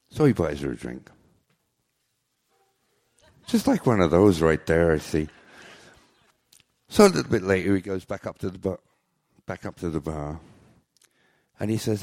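Deep, dark-toned man, animated, jokey storyteller at a small club. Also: a little slow, pauses often, no echo, studio quality. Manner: rambling, joking, self-mocking. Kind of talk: live comic storytelling.

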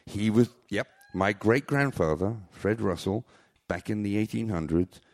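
A man's voice: fairly low pitch, a little slow, a little mellow, dry recording. A man telling comic stories about his life on stage at a small club, rambling and joking at his own expense. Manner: rambling, joking, self-mocking. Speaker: storyteller. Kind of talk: live comic storytelling.

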